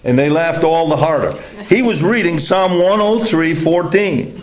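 An older man preaching a sermon as a pastor, telling personal stories slowly and deliberately with chuckles, recorded on old tape. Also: on the high side, big pitch swings. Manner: slow, deliberate, storytelling with chuckles. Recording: echoey hall, faint noise, old tape.

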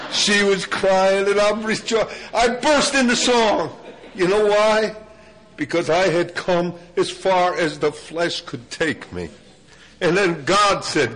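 An older man preaching a sermon, telling a personal story with animated delivery that drops low for emphasis. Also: a little hiss or hum, low-quality recording.

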